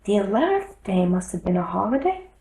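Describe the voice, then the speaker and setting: A woman's voice: medium pitch, sing-song, brisk, dark tone, reverberant. A woman voicing Alice, a curious and polite young girl, asking questions in a storybook reading.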